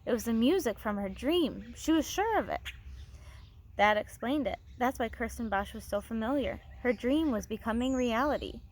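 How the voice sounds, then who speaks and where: Teacher reading a chapter book aloud, expressive, higher voice, phone mic. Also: female voice, moderate pace, a little hiss or hum. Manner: expressive reading with small restarts.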